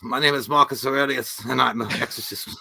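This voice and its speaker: A man's voice: mid-range voice, fairly even intonation, a little fast, creaky, sharp tone, husky, no room sound, exaggerated voice. A man doing a vengeful warrior-priest impression. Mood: mock solemn. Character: grave vengeful male exorcist warrior, impression of an actor.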